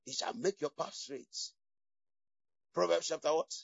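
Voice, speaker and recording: A man preaching a charismatic sermon with fiery, shouted declarations and bursts of tongues. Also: a little high, a little slow, vocal fry, husky, dry recording. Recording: dull lo-fi, distant from mic, dry.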